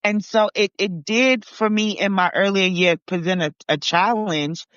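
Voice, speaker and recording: A woman's voice: mid-range voice, unhurried, fairly bright tone, dry recording. A woman from Barbados and New York talking casually, rambling with many fillers and restarts. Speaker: podcast participant. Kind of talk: casual conversation. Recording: dull lo-fi.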